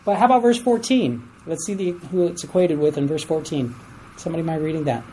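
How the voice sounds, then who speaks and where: A Bible study teacher running an interactive class in a room, animated and quick to chuckle, with a mellow, darker tone and a light hum of background noise underneath. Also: mid-range voice, low-quality recording. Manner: animated, asks the class for readers, chuckles at stories.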